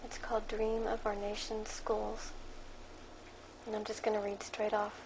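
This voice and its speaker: A woman reading her own dream account aloud from her blog in a flat monotone, then adding religious commentary in a firmer voice. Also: medium pitch, a little slow, a little hiss or hum, poor audio. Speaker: Christian blogger reading her dream journal.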